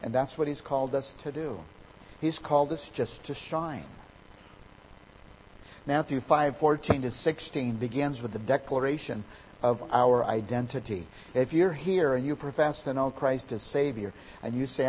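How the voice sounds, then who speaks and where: A man preaching a sermon as a pastor, emphatic, his voice swelling louder on key words. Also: mid-range voice, moderate pace, a little hiss or hum, poor audio.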